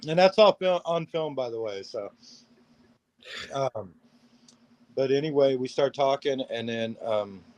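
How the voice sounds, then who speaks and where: A man's voice: medium pitch, very animated, takes it slowly, pauses often, low-quality recording. A middle-aged man, a paranormal gear builder, telling rambling anecdotes as a guest on a video call and acting out each line of dialogue. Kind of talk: casual storytelling interview.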